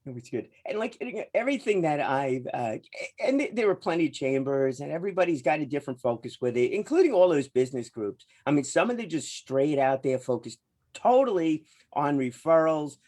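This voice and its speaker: A man's voice: on the high side, very animated, brisk, a little mellow. A man hosting an interview show, talking in a chatty, rambling way and laughing easily. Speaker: podcast host.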